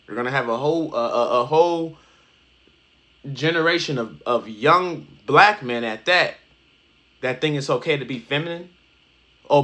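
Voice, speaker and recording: A man's voice: mid-range voice, sharp tone. A man hosting a reaction video, talking casually in street slang with emphatic stops and restarts.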